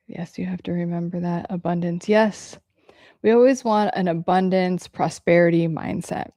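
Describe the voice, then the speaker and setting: A woman's voice: on the low side, moderate pace, dark tone, dry recording, clean studio sound. A woman hosting a casual livestream, answering viewer comments candidly and swearing freely.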